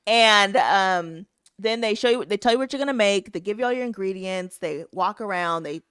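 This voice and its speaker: Laughing a lot as she spins animated stories, a female podcast co-host keeps the chat relaxed. Her smooth, medium-pitched voice holds a moderate pace, and the clean studio audio has no echo.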